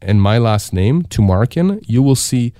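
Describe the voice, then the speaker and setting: A man's voice: mid-range voice, very animated, a little slow, warm tone, no echo, studio quality. A middle-aged man, a lawyer from Canada, giving emphatic advice on a radio talk show and asking himself questions to drive points home. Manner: emphatic, repeats rhetorical questions. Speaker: disability insurance lawyer, guest.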